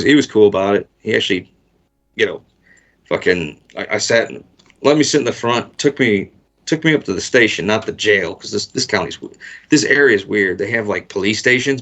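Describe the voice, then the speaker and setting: A man's voice: on the low side, gravelly, pushed and bright. A man guest in an interview, telling a long casual story full of swearing and rambling asides. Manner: profane, rambling, laid-back storytelling.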